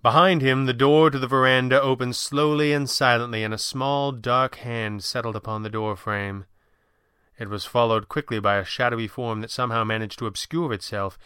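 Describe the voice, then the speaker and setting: A man narrating an audiobook in an even, unhurried storytelling manner. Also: medium pitch, clear, resonant tone, no echo, clean studio sound. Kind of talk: scripted narration.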